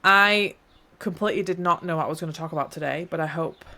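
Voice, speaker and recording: A woman's voice: deep voice, fast, pushed and bright. A woman hosting a solo podcast, talking in a reflective, encouraging, rambling way and often correcting herself mid-sentence. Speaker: podcast host.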